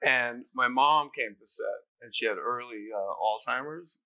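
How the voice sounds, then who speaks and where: A man in his fifties from New Jersey, a comedian guest telling stories in a casual interview, animated and profane. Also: mid-range voice, measured pace, low-quality recording. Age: 50s. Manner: animated, profane, lots of laughter.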